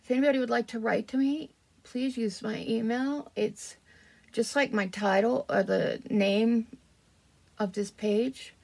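A woman's voice: on the high side, steady tone, a little slow, vocal fry, a little mellow, slightly rough. A woman, chatting casually and rambling while she does her make-up. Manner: chatty, rambling, self-deprecating. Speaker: vlogger. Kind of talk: casual get-ready-with-me chat.

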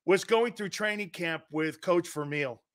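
A man's voice: sits high, unhurried. A man hosting a sports talk show, chatting enthusiastically with a guest and laughing along.

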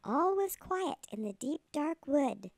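A woman reading a children's picture book aloud in an animated, sing-song way. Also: sits high, slow, vocal fry, no room sound. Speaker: storybook reader. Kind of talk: children's story read-aloud.

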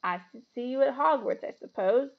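A woman's voice: on the high side, moderate pace, creaky, phone-quality sound. A woman doing a sneering, snobbish young boy. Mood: drawling. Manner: drawling, sneering.

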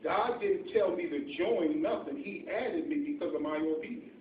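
A man preaches with impassioned, pleading fervor, pressing his listeners with question after question. His voice sits unusually high for a man. The sound is thin and phone-like, picked up from a distance in a reverberant sanctuary with a faint hiss underneath. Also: moderate pace. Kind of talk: sermon. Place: church sanctuary. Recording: echoey church, far from mic, tinny phone-like sound, faint noise.

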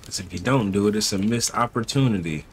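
A man giving casual, slangy gameplay commentary, talking to his viewers and swinging from low muttering to loud yelps. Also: brisk, slight background noise. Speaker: gaming commentator.

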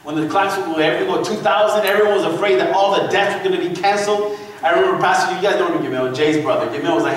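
A man preaching a sermon to a congregation in a church, telling a story with lively calls for the listeners to answer back. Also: high-pitched, fast. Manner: animated storytelling with call-and-response to the congregation. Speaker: pastor. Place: church sanctuary. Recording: echoey church hall from far off.

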